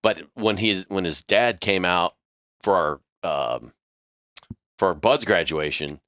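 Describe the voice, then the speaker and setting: A man hosting a podcast, telling a story in a casual, profane, animated way. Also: sits low, takes it slowly, no room sound, studio quality. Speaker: podcast host.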